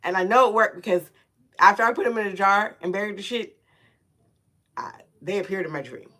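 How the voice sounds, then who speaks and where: A woman giving a casual spiritual tarot reading, loose and profane, laughing often and stretching out soft repeated words. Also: mid-range voice, brisk. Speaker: tarot reader.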